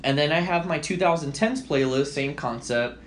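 A young man co-hosting a podcast, swearing freely and telling animated stories in casual chat. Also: on the high side, moderate pace. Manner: profane, animated storytelling. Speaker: podcast co-host.

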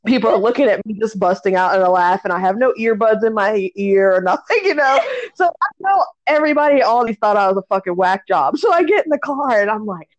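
A woman's voice: fast, muffled recording. A woman telling a funny story in a casual chat, laughing often and raising her voice when she acts it out. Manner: laughs a lot, animated retelling with pitch jumps.

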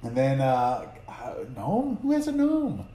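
A man's voice: mid-range voice, huge pitch swings, unhurried, mellow. Guy running a boozy trivia game, swears a lot, laughs all the time, voice bouncing up and down, roomy echo. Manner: joking, swears freely, laughs often. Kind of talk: casual drinking-game chat. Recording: roomy room with faint noise.

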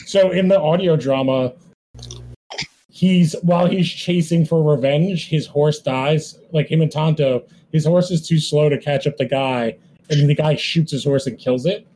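Man, casual movie chat host, mellow voice, faint noise behind. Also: a little high, measured pace, low-quality recording. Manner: rambling, many "like" fillers. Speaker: podcast co-host.

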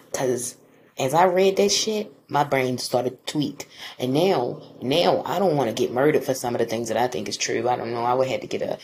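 Woman, low voice, podcast host, comedic news rant, swears a lot, incredulous, mock-paranoid. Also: brisk, darkish tone, a little hiss or hum. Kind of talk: comedic rant while reading news aloud.

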